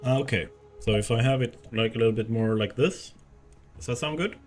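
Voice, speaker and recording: A man's voice: medium pitch, a little fast, soft background music. A man live-streaming a game from a room at home, chatting casually and rambling while he tests and moves his desk mic. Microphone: desk mic, moved around while talking.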